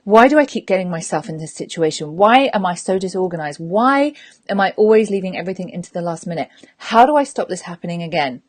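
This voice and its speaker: A woman acting out a frantic friend who is pleading for help moving house, rushed and breathless. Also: on the low side, lively intonation, no room sound. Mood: panicked.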